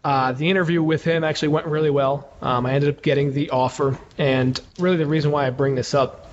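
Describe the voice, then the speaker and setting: Talking a little fast with a steady tone, this interview guest has a voice on the high side. He shares a candid, profane story loaded with fillers, on a muffled recording with clear noise behind him.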